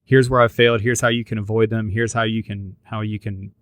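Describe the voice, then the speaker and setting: A man's voice: on the low side, level tone, a little fast, a bit bright, no room sound. A middle-aged man hosting a podcast, talking earnestly in casual chat with lots of restarts. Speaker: podcast host.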